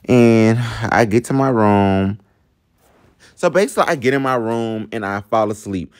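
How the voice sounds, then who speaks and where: Young male vlogger, low voice, chatty storytime delivery that keeps calling out to viewers. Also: normal speed. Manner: chatty, addresses viewers as y'all, laughs at himself. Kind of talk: casual storytime vlog.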